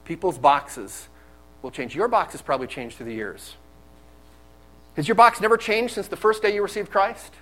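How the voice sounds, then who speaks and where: High-voiced man preaching a candid sermon. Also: big pitch swings, fairly quick, fairly bright tone, rough recording. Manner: candid, conversational storytelling.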